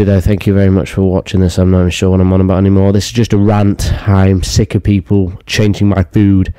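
Young man, mock-angry rant, low mellow voice, dry close sound. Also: no echo. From United Kingdom. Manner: mock-outraged, sweary, rambling. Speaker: YouTuber. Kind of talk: comedic rant.

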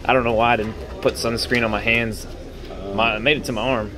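A man vlogging from a speedway grandstand on a handheld phone, hoarse, loud, excitable and swearing freely. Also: medium pitch, fairly quick, music in the background. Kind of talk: casual vlog from a race. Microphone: handheld phone camera. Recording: loud crowd and outdoor noise. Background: roaring race crowd.

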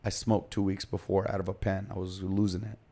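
A man sits in as a podcast guest and tells his own story in clipped, confessional bursts. His voice sits low, with little rise and fall in pitch. His tone is dark and mellow. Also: flat delivery, a little fast. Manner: confessional, retelling events in short present-tense bursts.

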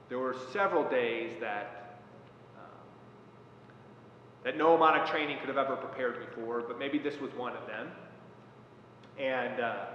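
A man who was a Marine platoon commander, speaking in a measured, reflective way with many pauses and fillers. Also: medium pitch, a little hiss or hum. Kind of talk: reflective talk. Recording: echoey hall, dull lo-fi sound.

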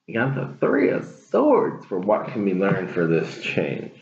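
A man's voice: deep voice, huge pitch swings, measured pace, a little mellow. A man giving a casual tarot reading to his viewers, earnest, encouraging and rambling. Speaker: tarot reader. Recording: echoey room, dull lo-fi sound.

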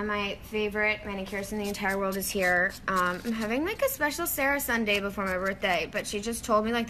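Bubbly, bright-voiced woman vlogging. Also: mid-range voice, a little hiss or hum. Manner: bubbly, chatty, exclamatory. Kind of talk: casual selfie video diary. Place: at home indoors. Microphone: phone held at arm's length.

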